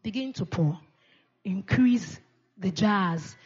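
A woman's voice: medium pitch, expressive, slow pace, a little mellow, husky, dull audio. Woman preaching a call-and-response sermon. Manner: call-and-response preaching, repeats key words, frequent amens. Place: church.

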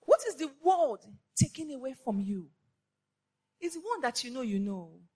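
A woman preaching a sermon to women, passionate and repetitive, firing rhetorical questions and rising to shouts. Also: high-pitched, sing-song, moderate pace, slightly rough.

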